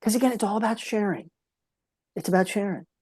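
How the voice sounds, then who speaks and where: A man's voice: high-pitched, a little fast, slightly rough, dry recording. A man speaking as a podcast guest, telling a heartfelt story in an earnest way and repeating key phrases for emphasis.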